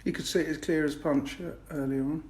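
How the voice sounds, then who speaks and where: A man's voice: on the high side, fairly even intonation, fairly quick, a little mellow. A man with an English accent, chatting casually on a live stream outdoors by a fishing lake. He rambles and interrupts himself. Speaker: fishery owner streaming live.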